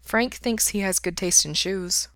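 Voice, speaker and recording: A woman voicing a gentle, doting older brother who speaks softly. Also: medium pitch, a little slow, no room sound, close to an everyday voice.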